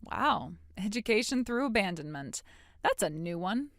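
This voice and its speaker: This clean, dry studio recording features a woman with a medium-pitched, fairly bright voice, speaking at normal speed and very animated. She's an actress voicing a grown daughter in a dramatic story: a defiant, sarcastic young woman who bluntly confronts her mother and cuts ties.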